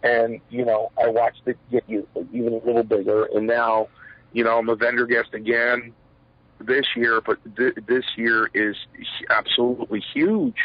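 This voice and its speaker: A man's voice: medium pitch, little pitch movement, normal speed, no echo. A middle-aged man, a former pro wrestler, telling stories in a rambling interview, full of fillers and acted-out quotes. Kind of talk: shoot interview storytelling. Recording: dull lo-fi sound, dry.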